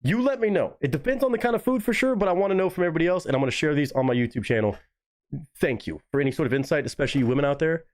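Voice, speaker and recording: A man hosting a live stream, reacting to chat comments in a casual, swearing way with high-pitched mocking asides. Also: lively intonation, rapid-fire, darkish tone.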